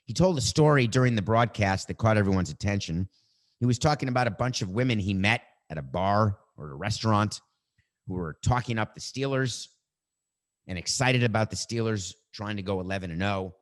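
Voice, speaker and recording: A man's voice: on the low side, animated, a little fast. A middle-aged man hosting a sports show, delivering an opinionated monologue in an emphatic, wry way and drawing out words for effect. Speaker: sports podcast host.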